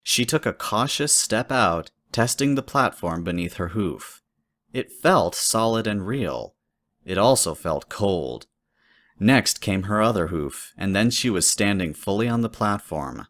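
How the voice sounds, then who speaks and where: Guy reading a spooky pony fanfic, lowish voice, steady pace. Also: measured pace. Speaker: narrator. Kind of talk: fanfic horror story reading.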